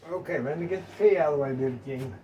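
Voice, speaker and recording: A man's voice: on the high side, rapid-fire, recorded from a distance, muffled recording, slight background noise. An older man, chatting in a folksy, rambling way while cooking in his home kitchen. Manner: folksy, rambling, talks to viewers as y'all. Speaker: cooking vlogger. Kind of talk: casual home cooking chat.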